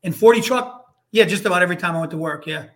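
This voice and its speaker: A firefighter from Hartford, Connecticut, appears as a guest in a casual chat, telling rambling firehouse stories with lots of restarts and blunt, salty language. His voice sits high and fairly bright, he talks fast, and there's slight background noise.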